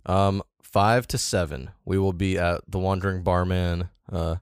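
A man's voice: low voice, a little slow, smooth, no room sound, clean studio sound. A young man co-hosting a podcast, chatting loosely and swearing often. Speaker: podcast co-host. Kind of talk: casual chat.

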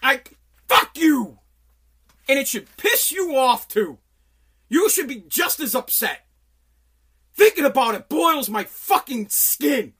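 A man hosting a podcast from his home basement, delivering an angry, profane political rant that bursts into shouting. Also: very high voice, big pitch swings, measured pace. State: sweating. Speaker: podcast host.

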